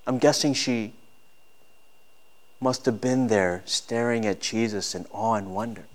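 A man's voice: on the low side, a little slow. A man in his thirties preaching a sermon as a pastor, earnest and rising to emphatic peaks.

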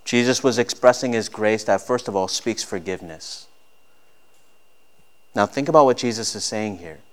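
Earnest preaching man with a smooth voice. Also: on the low side, moderate pace. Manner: earnest preaching, rising to emphatic peaks. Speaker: pastor. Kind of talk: sermon.

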